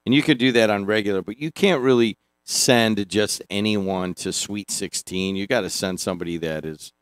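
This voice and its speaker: A middle-aged man hosting a radio sports talk show, teasing and joking in quick bursts with frequent restarts. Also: lowish voice, clear, resonant tone, no room sound, studio quality. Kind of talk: casual radio banter. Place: radio studio. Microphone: studio microphone.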